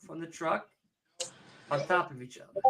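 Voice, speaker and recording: A man's voice: on the high side, normal speed, gravelly, noisy background. A man on a podcast telling a long work story in a casual, profane and exasperated rant. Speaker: podcast co-host.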